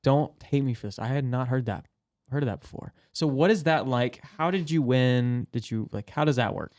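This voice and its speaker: A man hosts a casual podcast interview, feeling his way through questions with false starts and restarts. He talks in an easy, unpolished way, often trailing off into "I guess." His pitch sits in a middle range. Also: normal speed, darkish tone. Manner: rambling, hesitant, self-correcting questions. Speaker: podcast host.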